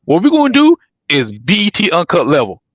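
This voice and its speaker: A man co-hosting a podcast, talking in a rambling, profane, animated way with many restarts. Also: high voice, fairly quick, no room sound, highs cut off. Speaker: podcast co-host. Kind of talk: casual chat about pro wrestling.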